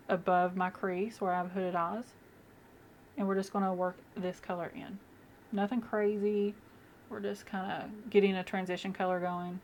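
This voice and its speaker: A woman's voice: mid-range voice, darkish tone, a little hiss or hum. A young woman vlogging casually as she does her makeup, chatty and rambling with many fillers, at home. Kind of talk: casual get-ready-with-me chat.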